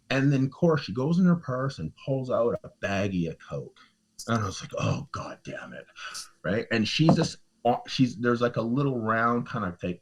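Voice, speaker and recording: A man telling a personal story on a podcast in a casual, animated way, acting out the lines people said and swearing freely, with lots of fillers. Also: fairly low pitch, dull audio. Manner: animated, acts out what people said, heavy use of "like" and "you know". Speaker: true crime podcast host telling a personal story as a guest.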